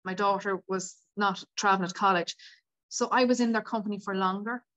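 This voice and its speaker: A woman's voice: mid-range voice, fairly even intonation, brisk, a bit bright. Candid woman in her fifties. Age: 50s. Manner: candid and tearful at times, many 'like' fillers. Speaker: podcast guest. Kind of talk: emotional personal storytelling.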